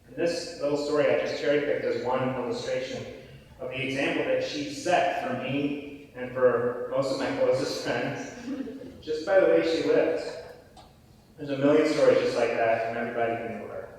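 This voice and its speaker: A man's voice: medium pitch, fairly even intonation, moderate pace, darkish tone, a little hiss or hum. A man giving an earnest, reflective eulogy at a memorial in a church hall, in an echoey recording from far off. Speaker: eulogy speaker. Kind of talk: memorial tribute.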